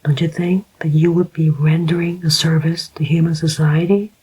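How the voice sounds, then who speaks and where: A narrator whispering the part of a gentle, formal older male inquiry agent, as whispered role-play. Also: medium pitch, little pitch movement, moderate pace, slightly rough, rough recording. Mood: grave.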